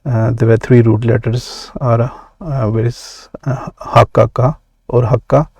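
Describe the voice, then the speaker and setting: Slow-paced man teaching Arabic grammar. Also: mid-range voice, steady tone, darkish tone, slightly rough, no echo. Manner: measured, many "uh" pauses, slow deliberate explanation. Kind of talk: explaining grammar from a workbook.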